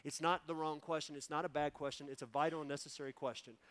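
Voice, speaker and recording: A man in his forties, a pastor, speaks quickly in a slightly high, fairly bright and steady voice as he preaches and then prays in a church sanctuary. He is fervently emotional and repeats key phrases to stress them.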